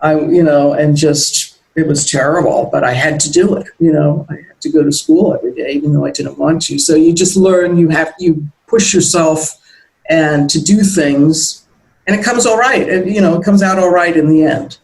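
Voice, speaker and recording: A woman's voice: low-pitched, moderate pace, darkish tone, rough recording. A middle-aged American woman being interviewed as a guest, talking in a reflective, meandering way with many restarts. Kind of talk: casual interview chat.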